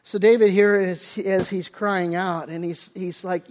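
A man preaching a sermon as pastor, conversational and earnest, often restarting phrases, dropping soft for tender points and rising when reading scripture. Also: high voice, fairly even intonation, unhurried, hardly any pauses.

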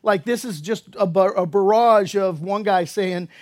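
A man's voice: high voice, moderate pace, hardly any pauses. A man preaching a sermon as pastor, explaining scripture in a casual, conversational way with humorous asides and acted-out dialogue. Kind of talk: expository sermon.

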